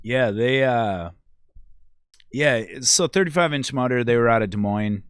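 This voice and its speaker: A man from Minnesota, a musician, chatting casually as a podcast guest. He rambles through stories in a laid-back, loose way with mid-range pitch. The sound is dry and close. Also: animated, measured pace, clean tone, dry recording. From Minnesota, USA.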